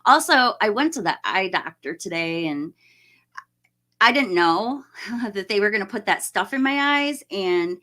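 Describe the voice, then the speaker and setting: A woman's voice: medium pitch, expressive, measured pace, bright, forceful tone. A woman hosting a casual live stream, chatting and greeting viewers by name, laughing often.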